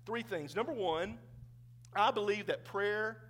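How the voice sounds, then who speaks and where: A man's voice: sits high, a little slow, fairly bright tone. A man preaching a sermon as pastor in a church sanctuary, talking conversationally and joking with the congregation.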